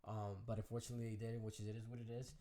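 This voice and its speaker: A man's voice: fairly low pitch, very fast. A man with a Chicago accent, a DJ guest telling stories in a casual interview and acting out the voices of people he quotes. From Chicago area. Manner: animated storyteller, acts out quoted voices.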